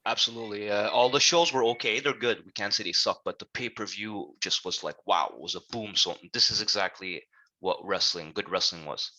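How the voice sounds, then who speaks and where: Brief: lower-voiced man, very bright tone, eager podcast co-host. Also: poor audio. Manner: enthusiastic, quick agreements, slightly broken phrasing. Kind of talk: casual chat.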